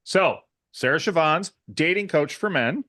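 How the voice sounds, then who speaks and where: A man's voice: a little high, lively intonation, unhurried, pushed and bright. A male podcast co-host with a Wisconsin accent, chatting casually and teasing his guest, often laughing.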